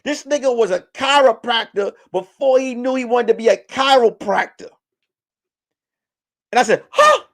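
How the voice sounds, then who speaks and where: A man doing stand-up comedy, telling a profane, rambling story with sudden loud outbursts. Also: very high-pitched, moderate pace, long pauses.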